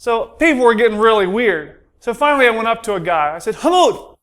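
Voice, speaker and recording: A man's voice: high voice, animated, fast, fairly bright tone, faint music behind. An American man doing a stand-up comedy routine, telling stories and acting out the dialogue. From United States. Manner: storytelling, acts out dialogue.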